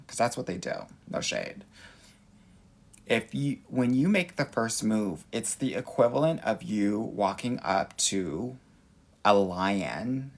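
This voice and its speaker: Sassy gravelly-voiced man with Valley accent. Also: fairly low pitch. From Los Angeles. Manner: sassy, animated, reads viewer comments. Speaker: dating coach. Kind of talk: livestream Q and A.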